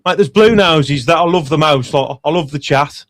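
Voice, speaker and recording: A man hosting a phone-in chat, excitable, affectionate and swearing freely. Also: fairly high pitch, normal speed. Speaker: host. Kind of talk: casual chat.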